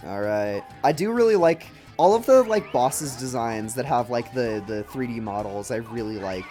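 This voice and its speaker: Brief: young male streamer, chatty gameplay commentary, lively pitch, faint game music underneath. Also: normal speed. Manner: chatty, laughs often, drops in silly voices.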